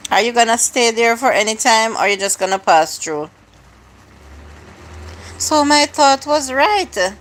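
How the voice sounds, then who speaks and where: A woman's voice: on the high side, expressive, unhurried, long pauses, a bit bright. A woman hosting a live stream, chatting casually and answering her viewers' comments one by one.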